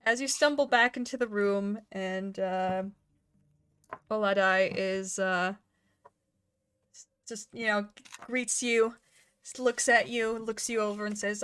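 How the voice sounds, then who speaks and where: A woman running a tabletop game on a live stream, who laughs often and rambles. Her pitch sits in the middle of the range. She talks in a loose, self-mocking way between bits of narration. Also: fairly even intonation, a little slow, pauses often, a bit bright, clear, resonant tone. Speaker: dungeon master and stream host.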